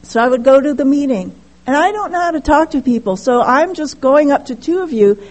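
A middle-aged woman with a high voice shares her recovery story at a meeting. She talks candidly and haltingly, often restarting sentences and adding "you know". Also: expressive, a little mellow, poor audio. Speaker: speaker sharing at a recovery meeting.

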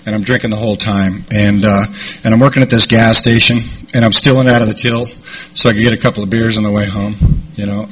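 A middle-aged man sharing a recovery story in a rambling, halting way, with many fillers. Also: lowish voice, a bit bright, slightly rough. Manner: rambling, halting delivery with repeated "and, uh". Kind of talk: personal storytelling talk.

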